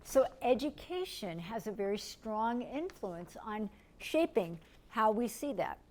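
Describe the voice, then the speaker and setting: Gentle woman giving a lecture. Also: fairly high pitch, sing-song, measured pace. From United States. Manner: gentle, explaining step by step with questions. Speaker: teacher. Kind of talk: recorded lecture.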